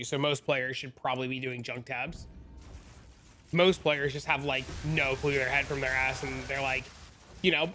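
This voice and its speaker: A male game streamer chatting casually and profanely with his viewers. His voice is high and bright, and he talks in an animated, bantering way. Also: slight background noise. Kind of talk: casual live-stream chat.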